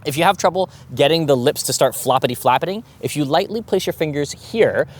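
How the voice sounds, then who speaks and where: A man coaching viewers to speak more clearly, talking to camera in an animated, demonstrative way with exaggerated enunciation. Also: fairly high pitch, brisk, heavy background noise. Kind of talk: instructional talk to camera.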